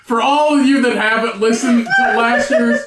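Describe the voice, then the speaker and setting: A man co-hosting a podcast, sarcastic and animated in crude casual banter, often laughing. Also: very high voice, normal speed, reverberant, shouting, heavy background noise. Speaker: podcast co-host.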